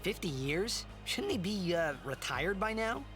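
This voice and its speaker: A man's voice: sits high, very animated, measured pace, music in the background. An actor playing a blunt, curious young male hero in a video game.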